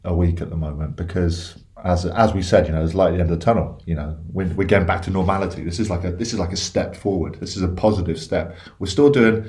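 Low-ish guy chatting on a podcast, tells jokes, laughs at himself. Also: fairly even intonation, fast, hardly any pauses, a little mellow, a little hiss or hum. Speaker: podcast co-host. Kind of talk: casual chat, telling a joke.

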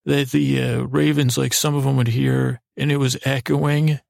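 A man's voice: medium pitch, little pitch movement, moderate pace, vocal fry, darkish tone, no echo, clean studio sound. A man telling a rambling, improvised sleep story, meandering and hesitant, with many restarts. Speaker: podcast host.

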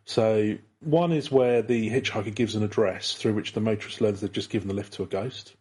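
Fast-talking husky British man. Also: on the low side, steady tone, a little mellow. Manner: rambling, many restarts and chuckles. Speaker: podcast co-host. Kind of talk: casual chat.

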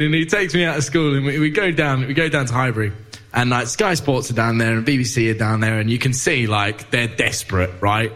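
A man with a London accent tells a story on a live football chat show. His voice sits at a middling pitch, and he laughs his way through the funny bits as the anecdote builds. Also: fairly quick. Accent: London English. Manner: animated storyteller, laughs while telling. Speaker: podcast guest. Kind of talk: casual chat.

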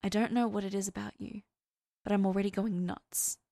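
A woman's voice: mid-range voice, fairly even intonation, fairly quick, vocal fry, mellow, dry recording, natural voice. A woman reading as a pleading, eager young man. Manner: pleading, intimate.

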